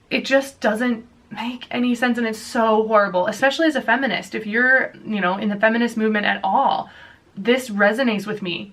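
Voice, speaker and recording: A young woman hosts a casual solo podcast, speaking earnestly and with feeling. She trips over her words and starts sentences again. Her voice sits at an everyday pitch and sounds a little far from the mic. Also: fairly bright tone. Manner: earnest, emotional, many restarts and fillers. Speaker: podcast host.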